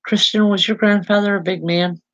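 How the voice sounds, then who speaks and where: A woman medium gives a live spiritual reading, pausing and restarting her phrases as she reassures the listener. Her voice sits at an ordinary pitch for her, and the recording is dry and close with no room sound. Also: steady tone, no room sound, highs cut off. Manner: halting, repeats words, soft reassurance. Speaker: psychic medium.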